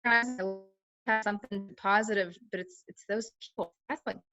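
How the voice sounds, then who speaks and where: A woman's voice: mid-range voice, fairly even intonation, normal speed, sharp tone, muffled recording, soft background music. A woman chatting casually on a team call, full of fillers and acting out what others said. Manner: chatty, lots of fillers, acts out quoted talk. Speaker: team member sharing her experience.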